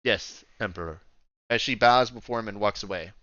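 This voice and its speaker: A man narrating a tabletop game as game master, casual and rambling with quick asides. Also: lowish voice, fairly even intonation, bright, forceful tone, no echo, lo-fi sound.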